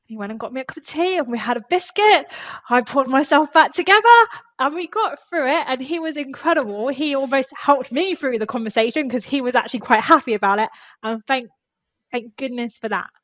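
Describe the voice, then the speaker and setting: A woman's voice: sits high, a little fast, a bit bright, no room sound, dull audio. A woman, a podcast guest and former HR specialist, telling an earnest and emotional story in casual conversation.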